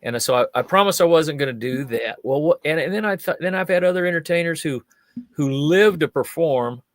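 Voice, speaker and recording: Fairly quick and a little high, with no room sound, the voice belongs to an older man appearing on a chat show as a magician and fire eater. He relates anecdotes with liveliness, acting out the characters' quoted lines.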